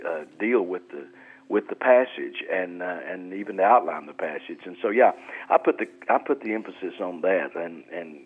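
A man, a pastor, explaining scripture in an earnest radio interview, often repeating words as he restarts. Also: fairly low pitch. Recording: tinny phone-like radio line.

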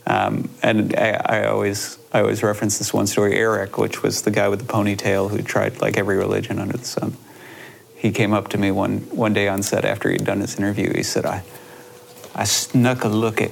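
A man talks about his work in a reflective, halting way, often restarting his sentences. His voice sits low and has a gravelly edge. A faint hiss runs under the recording. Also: monotone. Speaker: filmmaker guest. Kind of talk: conversational interview.

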